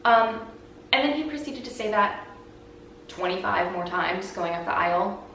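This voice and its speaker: A young woman vlogger recounts her story in an easy, animated ramble, peppered with "like". Her voice sits at a middling pitch and carries a strong room echo. She sounds a bit off-mic, with faint noise underneath. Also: normal speed. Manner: chatty, heavy use of "like", animated retelling. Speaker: vlogger and podcast host. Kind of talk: casual storytelling chat. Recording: very echoey room, voice from a distance, faint background noise.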